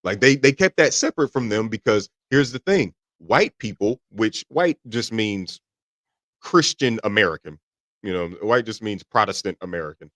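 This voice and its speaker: A man co-hosting a casual podcast discussion, talking in an animated, emphatic way and swearing freely. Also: fairly low pitch, normal speed, no room sound. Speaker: podcast co-host.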